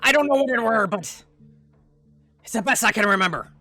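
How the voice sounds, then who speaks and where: A man's voice: high-pitched, lively intonation, brisk, pushed and bright, faint music behind, full character voice. A man voicing an odd male necromancer who rambles and halts with ums. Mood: puzzled.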